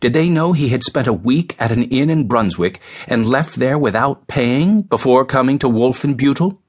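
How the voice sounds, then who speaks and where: Expressive husky male audiobook narrator. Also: mid-range voice, normal speed. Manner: expressive, dramatic storytelling.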